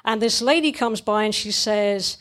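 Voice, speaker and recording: A woman's voice: mid-range voice, normal speed, a bit bright, close to an everyday voice. A woman reading aloud in the voice of a small, anxious, put-upon girl, her tone plaintive. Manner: plaintive, rising into upset. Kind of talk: reading a cartoon monologue aloud.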